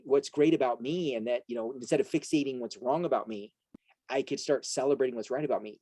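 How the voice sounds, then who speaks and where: Speaking to a crowd as coach and host, this middle-aged man gives a sincere pep talk, often posing rhetorical questions and tossing in "right?" again and again. His mellow voice sits at medium pitch, and the rough recording has no echo.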